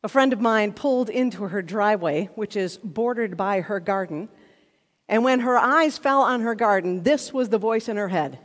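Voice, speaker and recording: A woman preaches a sermon, first reading scripture and then speaking earnestly until she builds to emphatic intensity. Her pitch is medium and her pace moderate, with the long reverb of a large hall around her.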